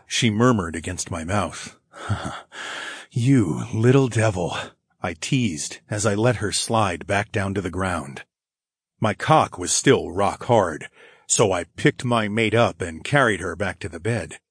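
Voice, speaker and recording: A man narrating a romance audiobook in the first person, with a low, intimate delivery and soft sighs. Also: measured pace, breathy edge, dry recording, clean studio sound.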